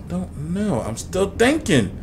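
A man's voice: high-pitched, wildly swooping pitch, takes it slowly, creaky, slight background noise. A young man commentating a game he is playing, talking to the game and his viewers and swearing a lot. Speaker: gaming YouTuber. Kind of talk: let's play commentary.

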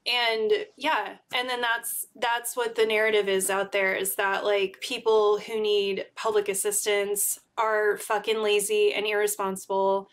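A woman's voice: medium pitch, little pitch movement, a little slow, hardly any pauses. A woman hosting a casual livestream chat with her sister, talking candidly, full of fillers and frequent swearing. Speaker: host.

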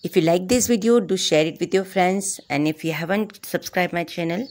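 A woman English teacher with an Indian English accent, slowly reading pairs of vocabulary words in a measured way. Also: on the low side, darkish tone. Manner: measured, reads word pairs one by one. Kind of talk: slow vocabulary list reading.

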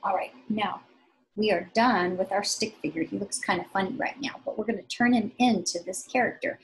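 A woman teaching young children to draw, giving slow, patient, sing-song step-by-step instructions. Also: mid-range voice, slight background noise, rough recording. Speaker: art teacher.

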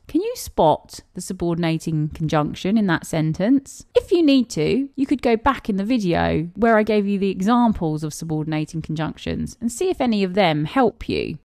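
Woman, young adult teacher, warm encouragement, animated delivery for a children's lesson video. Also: lowish voice, moderate pace, hardly any pauses, no room sound, clean studio sound. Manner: encouraging, asks the viewer questions and praises answers. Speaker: primary school teacher. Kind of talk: recorded grammar lesson for children.

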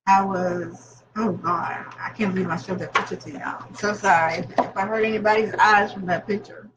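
A vlogger in her fifties cooks in her home kitchen while chatting straight to her viewers in a mid-range voice, at a moderate pace and with fairly even intonation. The camera audio is distant and lo-fi, with faint noise.

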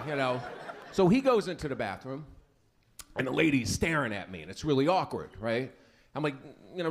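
A man's voice: mid-range voice, sing-song, a little fast. A man performing a stand-up set at a comedy club, telling a story with stuttering impressions. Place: comedy club with live audience.

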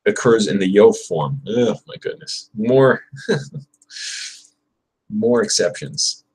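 A young man on a casual livestream, drilling Spanish verb conjugations aloud and answering viewers between attempts. His voice is a little low and husky. He takes his time, repeating the tricky words slowly. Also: animated, a little mellow, low-quality recording. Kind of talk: casual livestream study session.

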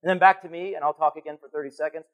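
A man giving a conference keynote on stage, animated and playful as he calls volunteers up from the audience. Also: a little high, racing, narrow, tinny audio. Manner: animated, calling to the crowd, playful. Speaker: keynote speaker.

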